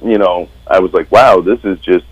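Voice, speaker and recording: Deep-voiced sardonic man chatting. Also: normal speed, no echo, lo-fi sound. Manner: sardonic storyteller. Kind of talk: casual chat.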